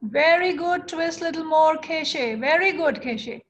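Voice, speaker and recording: Young Indian-accented woman as encouraging yoga teacher, slow-paced, recorded in a roomy space. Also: sits high, expressive, dull audio. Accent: Indian English. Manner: encouraging, coaching by name, slow cues. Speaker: yoga instructor. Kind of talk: live online chair yoga class.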